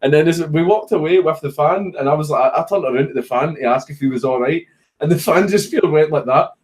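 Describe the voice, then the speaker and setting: Animated Scottish man telling a story. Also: on the high side, quick pace. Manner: animated, swearing, laughing at his own story. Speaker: streamer. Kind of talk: casual storytelling chat.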